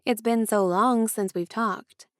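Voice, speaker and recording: A woman voicing a sharp-tongued eighteen-year-old young woman who speaks sarcastically and curtly. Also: fairly high pitch, fairly even intonation, slow, no room sound, clean studio sound. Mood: sarcastic. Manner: sarcastic and curt.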